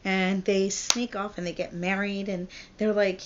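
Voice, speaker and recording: A woman's voice: mid-range voice, little pitch movement, unhurried, background noise. A woman vlogger and parent retelling a classic story in a blunt, profane, chatty way, in a dull lo-fi recording.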